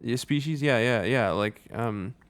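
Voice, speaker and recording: This man co-hosts a podcast in casual conversation, rambling along with plenty of filler words and jokes. His voice sits at medium pitch and sounds smooth and unhurried.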